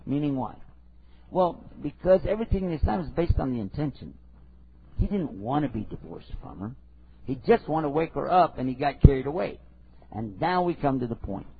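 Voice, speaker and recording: Husky male preacher, tinny lo-fi sound. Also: a little high. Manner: conversational, storytelling with rhetorical questions. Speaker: Islamic preacher. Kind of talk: religious lecture. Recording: tinny phone-like lo-fi recording.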